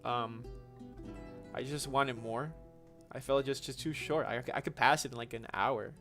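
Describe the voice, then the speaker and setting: A man's voice: medium pitch, steady tone, unhurried, a bit bright, soft background music. A young man hosting a gaming livestream, casually answering viewer questions in a chatty, slangy way with frequent restarts.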